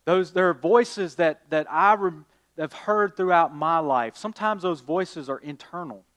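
A pastor preaching to his congregation, his voice sitting a little high for a man. He talks at an unhurried pace, swings up to loud emphatic calls, then drops to a hush. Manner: addresses listeners as y'all. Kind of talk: sermon.

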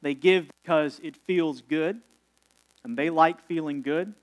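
A man with a fairly high voice preaching a sermon. He talks to the congregation in a relaxed, conversational way, with ums and slow, deliberate pauses on key words. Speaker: pastor.

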